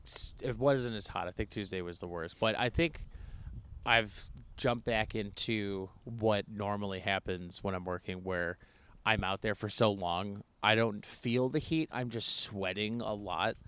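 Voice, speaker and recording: A man's voice: on the low side, measured pace, a bit bright, smooth. A young man co-hosting a podcast outdoors, chatting casually, rambling and cutting himself off. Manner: rambling, self-interrupting, laughs easily. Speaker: podcast co-host. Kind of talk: casual chat.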